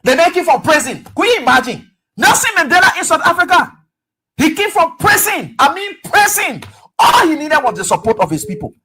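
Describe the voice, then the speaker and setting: There's a breathy edge to this medium-pitched radio host, who has a Liberian English accent and gives an animated political monologue, dramatizing dialogue and asking rhetorical questions.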